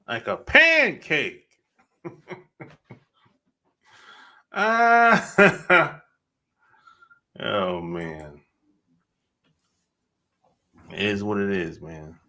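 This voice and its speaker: Man, casual livestream chat, slangy and laid-back, lively swooping pitch, slow drawl, bright tone. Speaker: podcast host.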